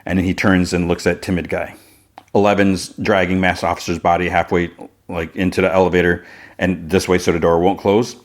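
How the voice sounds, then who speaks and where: A man hosts a podcast, recapping a TV episode in a loose, rambling way. His voice sits a little low, and his sentences spill out quickly, stitched together with "like" and "you know.". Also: little pitch movement. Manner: rapid retelling, full of "like" fillers. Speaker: podcast host.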